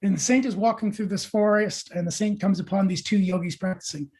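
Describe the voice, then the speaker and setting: Male meditation teacher, warm-dark husky storyteller, animated. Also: high voice, brisk. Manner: animated storyteller, lively asides to listeners. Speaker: podcast guest, meditation teacher. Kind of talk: telling a spiritual parable.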